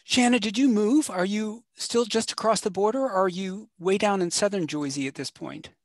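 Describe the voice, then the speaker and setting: High, dry-voiced man, rambling and chatty, teasing friends on a video call. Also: moderate pace, no echo. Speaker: gardening group member. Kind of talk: casual video-call chat.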